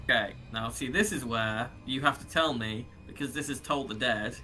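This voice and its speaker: Player, male, bright tense voice, chatty, works out rules aloud. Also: medium pitch, moderate pace, faint music behind. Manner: chatty, thinks out loud about rules. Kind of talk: casual tabletop play.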